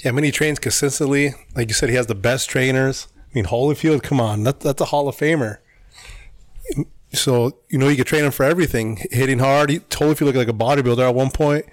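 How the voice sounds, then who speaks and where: A man co-hosting a casual podcast chat, relaxed and matter-of-fact. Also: medium pitch, fast, no room sound, clean studio sound. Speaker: podcast co-host.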